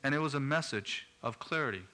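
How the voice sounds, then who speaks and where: A man's voice: mid-range voice, brisk, sharp tone. A man preaching a sermon in an earnest way, rising to emphatic bursts.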